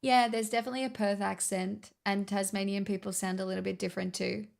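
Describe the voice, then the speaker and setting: A woman's voice: mid-range voice, little pitch movement, fast talker, vocal fry. A woman with a slightly Americanised Australian accent chatting casually on a livestream, rambling and swearing freely. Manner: rambling, swears, filler-heavy.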